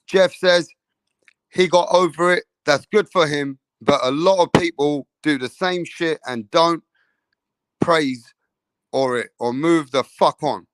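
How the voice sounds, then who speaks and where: A man's fairly high voice, loose and profane, hyping up his chat on a boxing livestream. The sound is dry and close, with little room in it. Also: slow pace, no room sound. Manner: loose, profane, hypes up chat with shout-outs. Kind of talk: casual livestream chat reading comments.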